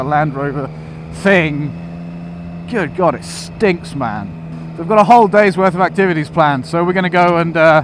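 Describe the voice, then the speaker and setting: A man riding a motorcycle and talking through a helmet mic in a casual, crude and joking way, often chuckling. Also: on the high side. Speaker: motovlogger. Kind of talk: casual rambling vlog commentary. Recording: loud wind and road noise.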